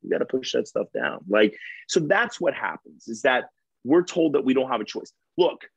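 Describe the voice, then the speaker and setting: A man in his thirties, a firefighter guest on a podcast, talking casually and acting out quotes with lively swings in his voice. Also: medium pitch, normal speed, breathy edge, no echo, muffled recording. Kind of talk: casual interview chat.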